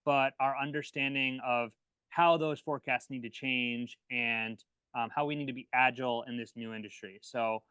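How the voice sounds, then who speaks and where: A man's voice: medium pitch, fairly even intonation, normal speed, pushed and bright, clean tone, no room sound. A man hosting a casual video call chat, talking hesitantly with many fillers and restarts. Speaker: host.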